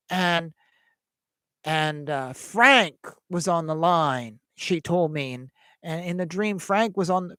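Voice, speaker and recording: A man's voice: high voice, a bit bright, no room sound. A man hosting a livestream, telling a personal story in a hesitant way, repeating words and acting out the voices of the people in it. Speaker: host.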